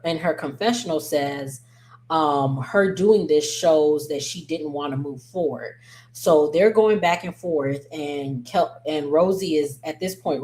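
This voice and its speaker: A woman casually recapping a reality TV episode, chatty and opinionated, with slangy asides and lots of ums and self-corrections. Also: sits low.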